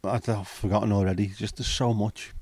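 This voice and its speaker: A man with a lowish voice chats on his livestream, reading viewer comments aloud and swearing freely. The sound is dry and close. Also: steady tone, normal speed, a little mellow, slightly rough, no room sound. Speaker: livestream host. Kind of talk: casual livestream chat.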